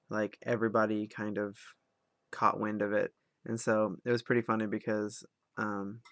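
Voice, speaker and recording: A man's voice: lowish voice, creaky, fairly bright tone, no echo, studio quality. A young man telling a long story in a casual vlog, rambling with lots of ums and likes. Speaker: vlogger.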